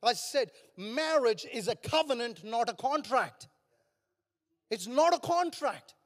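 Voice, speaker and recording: An older man preaching with fervor, his voice unusually high for a man and climbing into shouts as he presses his point. The sound rings with a long reverb, as in a large church hall. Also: expressive, slow. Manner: passionate, rising to shouts. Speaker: pastor. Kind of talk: sermon.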